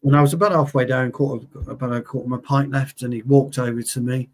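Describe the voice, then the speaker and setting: A man in his forties talks football in a heated, swearing, animated way. His voice is husky and a little breathy. He drifts into stories from his playing days. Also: mid-range voice, quick pace. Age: 40s. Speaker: co-host, former player. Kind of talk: heated casual football chat.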